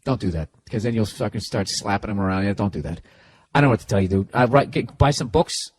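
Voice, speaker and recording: A man hosting a podcast, reading listener letters aloud and answering them in a loud, profane, sarcastic comedic rant. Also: lowish voice, fast, a little hiss or hum. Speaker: podcast host giving advice.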